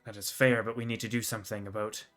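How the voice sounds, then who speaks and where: A man voicing an angry king who coldly plans to fake his son's death, speaking in a curt, deliberate way. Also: lowish voice, flat delivery, fairly bright tone, faint music behind, natural voice. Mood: cold anger. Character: furious, venomous king deciding his son's fate.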